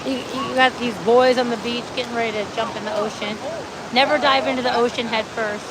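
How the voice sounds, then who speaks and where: A woman's voice: fairly high pitch, fairly even intonation, brisk. A woman hosting a live walking vlog on a beach, chatting upbeat straight to her viewers. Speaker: livestream host. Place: outdoors on a beach. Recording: outdoor phone audio with loud surf noise. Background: surf and wind noise.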